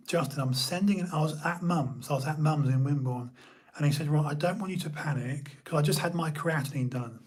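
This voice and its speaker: A man's voice: fairly high pitch, breathy edge. A man talking as a podcast guest, telling a personal story earnestly and casually, often repeating himself and calling the host "brother".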